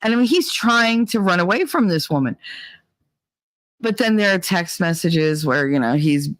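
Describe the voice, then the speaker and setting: A woman's voice: lowish voice, lively intonation, moderate pace, no room sound. A woman hosting a casual chat show, telling stories in a blunt, profane way. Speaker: host.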